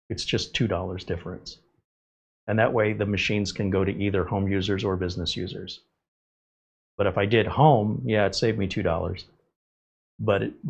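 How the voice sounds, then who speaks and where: A man's voice: lowish voice, slightly rough, highs cut off. A man hosting a live tech stream, answering viewer chat in a blunt, sarcastic way. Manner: blunt, sarcastic, lively asides. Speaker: tech show host.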